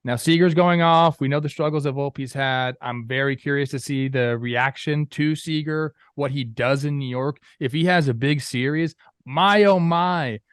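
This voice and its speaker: A man's voice: mid-range voice, smooth, dry recording, studio quality. Opinionated male sports show co-host. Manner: opinionated, animated, teasing. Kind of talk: casual sports talk.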